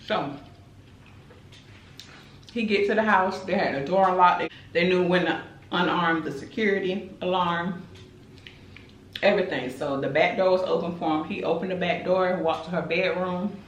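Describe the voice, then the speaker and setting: A woman's voice: fairly low pitch, normal speed, long pauses, echoey room, a little hiss or hum, poor audio. A woman tells a dramatic story in casual chat while eating on camera. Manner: animated, chatty, dramatic retelling. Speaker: mukbang host.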